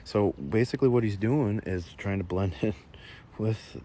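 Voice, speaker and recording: A man's voice: on the low side, moderate pace, dark tone. A man hosting a casual walking livestream outdoors by a beach lagoon on a plugged-in mic, chatting and answering viewer comments with nervous laughs. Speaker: livestream host. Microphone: plugged-in mobile mic while walking. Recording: outdoor wind and nature noise.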